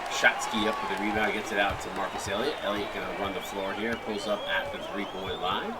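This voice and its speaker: Low-voiced Long Island play-by-play man. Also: very noisy. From Long Island, New York. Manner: rapid excited play calls. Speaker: play-by-play commentator. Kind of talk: sports play-by-play commentary.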